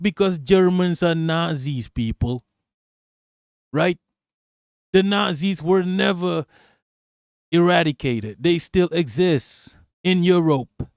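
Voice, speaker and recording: Man, streamer, fairly high voice, profane reaction rant, emphatic, repetitive, dry close mic. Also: creaky, no room sound. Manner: emphatic, repetitive, swears constantly. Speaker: live-stream political commentator.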